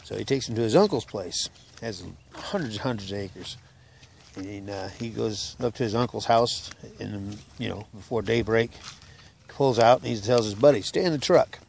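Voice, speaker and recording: A man with a gravelly, rough-edged voice spins folksy jokes at an easy, meandering pace, dropping filler sounds as he goes. He is outside, a faint hum of open country behind him, picked up by a handheld camera mic. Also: lowish voice, a little mellow. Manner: rambling, unhurried, lots of "uh" fillers. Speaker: joke teller. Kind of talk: folksy casual joke-telling.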